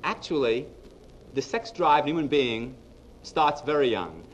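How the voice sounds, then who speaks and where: A man's voice: medium pitch, a little slow, lo-fi sound, slight background noise. A man giving a humorous lecture on psychology to a live audience, telling jokes and speaking to the audience directly. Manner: lively storyteller, punchline-driven, addresses the audience directly.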